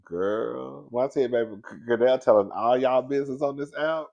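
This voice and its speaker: Man, sassy gossip host, animated, frequent laughter. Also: medium pitch, fast, lo-fi sound. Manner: animated, sassy, laughs often, calls listeners girl and baby. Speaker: commentary show host. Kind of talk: casual gossip commentary.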